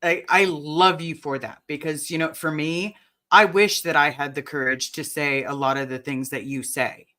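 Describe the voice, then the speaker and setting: A podcaster chatting casually in an earnest, emotional way, with halting restarts as they talk. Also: mid-range voice, fairly even intonation, sharp tone. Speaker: podcast co-host.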